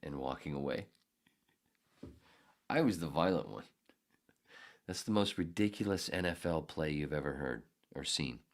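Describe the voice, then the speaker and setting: Very deep-voiced profane man telling a story. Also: lively intonation, moderate pace. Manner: profane, sarcastic storytelling with loud acted-out outbursts. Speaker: podcast host. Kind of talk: casual storytelling monologue.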